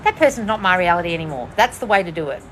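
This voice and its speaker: Woman coach, livestream Q&A, blunt and profane, very lively pitch, faint outdoor ambience behind. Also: rapid-fire, slight background noise. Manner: blunt, profane, swings between shrill bursts and low mutters. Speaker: manifestation coach answering viewer questions. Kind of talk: casual livestream Q&A.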